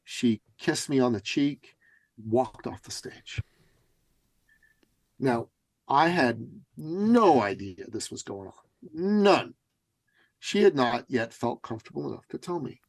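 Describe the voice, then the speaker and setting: Animated storytelling man, dry close sound. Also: mid-range voice, slow, gravelly, long pauses, no echo, low-quality recording. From Canada. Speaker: guest, business coach. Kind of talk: storytelling in a podcast interview.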